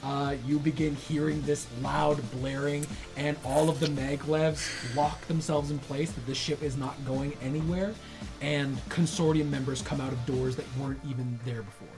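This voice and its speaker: A man's voice: fairly high pitch, steady tone, moderate pace. A man running a tabletop game, narrating in a loose way with fillers and laughs, over background music. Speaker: game master.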